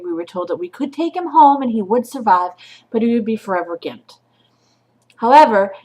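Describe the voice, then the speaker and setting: A woman talks straight to camera in a casual venting vlog. Her voice sits at an ordinary pitch, and she moves from low, muttered asides to blunt, swearing outbursts. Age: adult with a child. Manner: swears and vents, swinging from quiet to loud. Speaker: vlogger.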